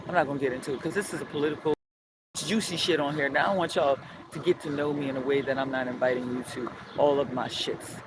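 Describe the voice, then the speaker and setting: A woman's voice: a bass voice, quick pace. A middle-aged woman with a New Orleans accent, ranting profanely and heatedly on a live stream from a city street at dawn, filmed on a phone. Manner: heated, profane, animated storytelling with sing-song chanting. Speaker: street vlogger. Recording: loud outdoor city traffic noise.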